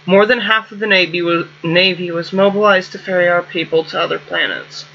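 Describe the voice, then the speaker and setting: An earnest young woman crewmate from a space game, read out plainly by a man in his own bright, fairly high voice. The recording sounds a bit muffled, with a faint hiss behind it. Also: steady tone, a little fast, vocal fry, full character voice. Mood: somber. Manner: plain read-aloud delivery, no accent.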